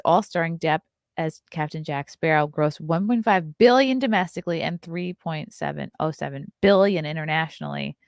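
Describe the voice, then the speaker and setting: A young adult woman with a low-pitched voice and vocal fry hosts a casual morning talk show podcast. She reads news items aloud and breaks in with blunt, swearing asides, recorded in studio quality with no room sound.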